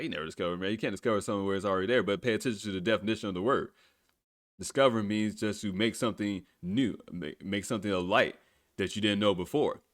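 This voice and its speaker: A man's voice: medium pitch, a bit bright. A man hosting a solo podcast, ranting with profanity and laughing at his own remarks. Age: adult with children. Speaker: podcast host. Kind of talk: solo opinion podcast rant.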